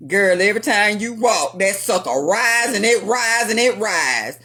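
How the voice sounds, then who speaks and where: A woman's voice: mid-range voice, lively intonation, a little slow, pushed and bright, breathy edge, full character voice. A woman voicing a stern but caring older female boss who scolds bluntly. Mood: scolding.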